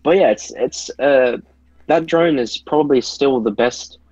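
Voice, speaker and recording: This podcast guest, a YouTube reviewer, speaks a little slowly in a medium-pitched, darkish voice. He's relaxed and casual, padding his speech with lots of "like," and the dry recording sounds dull and somewhat lo-fi.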